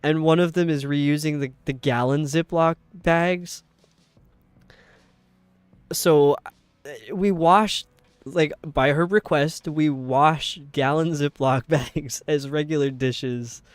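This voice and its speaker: A man's voice: fairly high pitch, steady tone, takes it slowly, clean tone, no room sound. A young man with a New York accent, chatting casually on a live stream in a rambling way, with lots of filler words. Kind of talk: casual chat while gaming.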